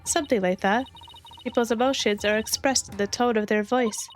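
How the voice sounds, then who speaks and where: A woman's voice: fairly high pitch, moderate pace, slight background noise, close to an everyday voice. A woman reading an earnest young lawyer. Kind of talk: fan voicing of game dialogue.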